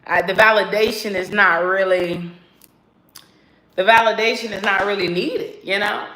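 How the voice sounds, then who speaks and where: A woman talking casually to her viewers in a sassy, animated vlog style, laughing and swearing freely. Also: mid-range voice, normal speed, reverberant, slight background noise, rough recording. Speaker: vlogger. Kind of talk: casual self-talk vlog.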